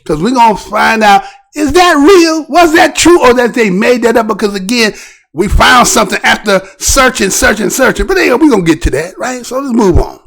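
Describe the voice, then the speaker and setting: A male show host delivers commentary on a news clip in a very high voice that swings widely up and down. His tone is gravelly and full of fry, and he keeps pressing his point with rhetorical questions in a preachy, animated manner. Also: a little fast.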